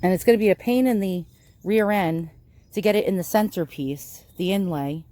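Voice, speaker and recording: A woman's voice: medium pitch, moderate pace, mellow, no room sound. A woman casually narrating her furniture restoration vlog, chatty and self-deprecating, with lots of ums and uhs. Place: outdoors in sunlight.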